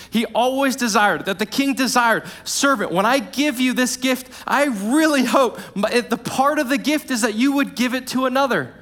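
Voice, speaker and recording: A young man preaching a sermon with earnest repetition, sometimes dropping to a hushed, low voice to stress a point.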